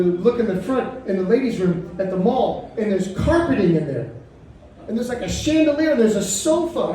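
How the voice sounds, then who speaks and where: Heard from far off in an echoing club, a middle-aged comedian from Chicago rambles through a foul-mouthed stand-up routine and banters with the crowd. His easygoing storytelling keeps erupting into sharp, high-pitched yelps, and laughter from the audience fills the background.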